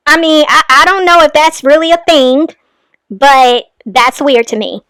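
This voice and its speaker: A woman's voice: sits high, moderate pace, no room sound. A woman hosting a reaction commentary, talking in an indignant, emphatic way about a clip she is playing. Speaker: commentary host.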